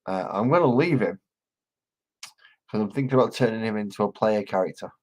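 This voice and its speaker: While painting on a live stream, a man with a deep, slightly husky, somewhat mellow voice chats casually and briskly with his viewers. He rambles from one thought to another and trades jokes with the chat. The recording sounds rough.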